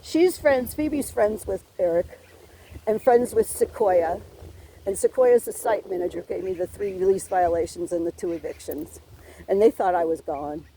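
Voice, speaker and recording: A middle-aged tenant reports a neighbor's harassment to a police officer in an emotional complaint, rambling and aggrieved, swearing and restarting her sentences. Her warm, mid-range voice moves at a normal pace, with a little hiss or hum in the recording.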